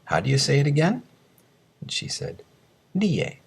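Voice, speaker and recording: A man teaching English pronunciation, reading slow word drills and explaining sounds. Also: on the high side, huge pitch swings, vocal fry, slightly rough. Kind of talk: scripted lesson narration.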